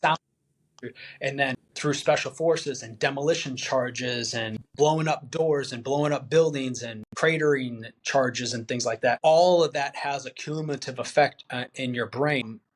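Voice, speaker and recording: Unhurried and medium-pitched, a male veteran talks openly as a podcast guest in an interview setting. He stays earnest and plain-spoken, performing his friends' words while recounting the story.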